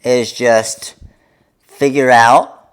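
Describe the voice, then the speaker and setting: A man's voice: medium pitch, steady tone, very slow, clear, resonant tone. A man hosting a live craft tutorial, talking viewers through each step in an upbeat way. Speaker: craft demonstrator.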